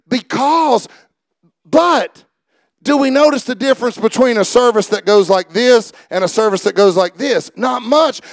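A man preaching a sermon, mixing folksy stories with swells of shouted fervor. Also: high-pitched, no room sound, clean studio sound. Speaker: pastor.

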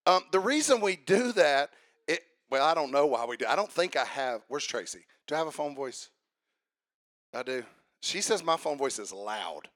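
A man with a somewhat high voice preaches a sermon in a conversational manner and keeps asking his congregation questions. He builds to a louder, more emphatic delivery. The recording is dry and close. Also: no room sound. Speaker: pastor.

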